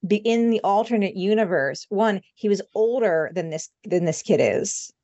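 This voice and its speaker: A woman's voice: mid-range voice, expressive, normal speed, warm tone, no room sound. A woman co-hosting a podcast in casual chat, who corrects details and points things out. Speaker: podcast co-host. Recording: dull, dry podcast mic.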